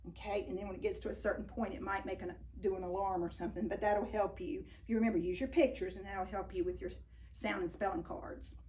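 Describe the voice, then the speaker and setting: A woman teaching a phonics lesson to young children, speaking slowly and praising each answer. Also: medium pitch, steady tone, a little mellow, recorded from a distance, a little hiss or hum.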